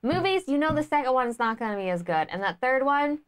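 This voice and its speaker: A woman's voice: sits high, very animated, brisk, clear, resonant tone. Giggly enthusiastic woman co-host. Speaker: board game crowdfunding show co-host. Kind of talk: casual chat.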